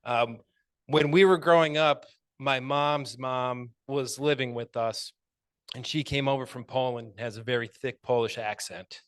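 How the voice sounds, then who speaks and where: A man giving an impromptu answer at a speaking club, thoughtful and measured, with some hesitant fillers. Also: mid-range voice, steady tone, clear, resonant tone, no echo. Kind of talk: impromptu speech.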